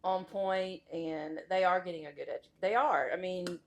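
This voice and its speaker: A middle-aged woman speaks as a school vice principal on a podcast, her voice sitting a little low. She gives frank, emphatic opinions in a relaxed, conversational way. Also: normal speed, slight background noise. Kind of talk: casual interview chat.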